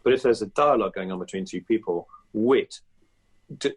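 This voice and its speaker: A man's voice: lowish voice, moderate pace, slightly rough. A man guest on a podcast, chatting reflectively with frequent restarts and fillers. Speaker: guest impressionist. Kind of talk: casual podcast interview.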